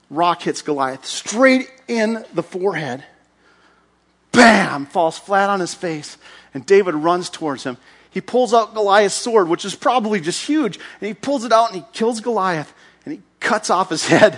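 Casting: animated male preacher, high voice, acts out every character. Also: moderate pace, breathy edge. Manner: lively, acts out characters with shouts and sound effects. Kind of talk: animated Bible storytelling sermon.

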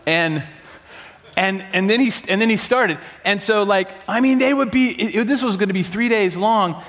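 A man preaching a sermon to a room, telling a story with animated, loud acted-out bursts. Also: sits high, normal speed. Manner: animated, acts out quotes with sudden loud bursts. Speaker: pastor. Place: large room before an audience.

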